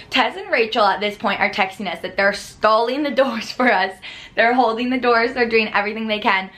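A woman's voice: a little high, a little fast, a bit bright. Chatty young woman vlogger telling a story. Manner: chatty, laughing, lots of "like". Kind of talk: casual storytime to camera.

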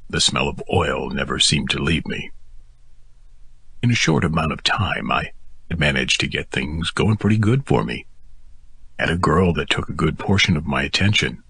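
Deep husky guy reading an audiobook, bright edge to the voice, dry close mic. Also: no echo. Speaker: audiobook narrator. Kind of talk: first-person audiobook narration.

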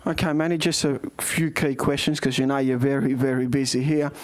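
Man, boxing show host, energetic, loud, clear voice. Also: mid-range voice, a little fast, dry recording. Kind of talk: interview.

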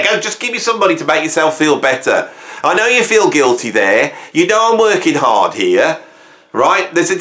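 A middle-aged man hosting a music channel, ranting at his viewers in a theatrical, self-mocking way, swinging from hushed asides to loud bursts. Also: fairly high pitch. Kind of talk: casual mock-rant to camera. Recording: echoey room.

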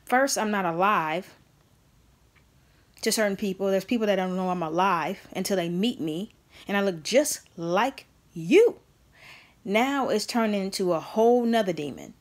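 A woman's voice: mid-range voice, animated, measured pace. A woman vlogger talking straight to the camera, telling a personal story in an earnest and emphatic way.

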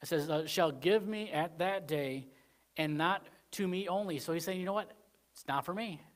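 Guy pastor going off in a wednesday church sermon, kinda high voice, says you know constantly, loud then quiet. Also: moderate pace. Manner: rambling, conversational, frequent "you know" fillers; swings between loud emphatic points and quiet asides.

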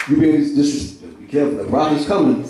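A man's voice: fairly high pitch, fairly quick, background noise. Heartfelt man testifying in an echoey church. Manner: repetitive, heartfelt, street slang, laughing through it. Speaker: church minister giving a testimony. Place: large echoey church hall. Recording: echoey hall from far off.

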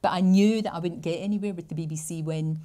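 Fast-talking Glasgow woman in her sixties. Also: lowish voice. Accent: Glasgow Scottish. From Scotland. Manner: chatty, animated storytelling. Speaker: interview guest. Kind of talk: casual conversation on stage.

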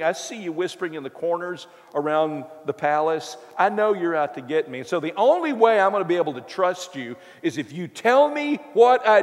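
A man's voice: on the high side, voice pushed up. A preacher voicing a grumpy, paranoid, sleepless ancient king who blusters threats at his advisors. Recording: reverberant church hall.

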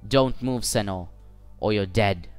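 A man voicing a slight village robber with a machete, who speaks in a soft, calm, polite way that carries quiet menace, in a storybook reading. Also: on the low side, a little slow, clean tone, soft background music, lightly acted. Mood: eerily gentle.

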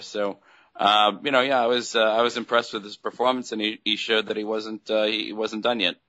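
Bright-voiced man rambling with fillers. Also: lowish voice, low-quality recording. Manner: rambling, hesitant, many fillers. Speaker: podcast co-host. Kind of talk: casual chat.

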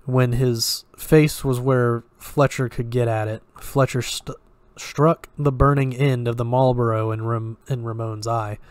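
Male story reader, steady even delivery, dry close sound, mid-range voice. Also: medium pitch, measured pace, hardly any pauses, clean tone, no room sound. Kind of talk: audiobook-style story reading.

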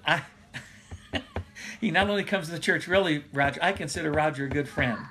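Bright-voiced pastor, casual and chuckling. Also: male voice, fairly high pitch, normal speed. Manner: laughs often, reads viewer comments aloud. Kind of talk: casual live-streamed Bible teaching.

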